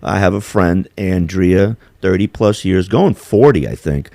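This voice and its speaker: A man's voice: deep voice, measured pace, creaky, no echo. A man, hosting a casual chat in a rambling, profane way. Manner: profane, rambling, animated with put-on quotes. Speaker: podcast host.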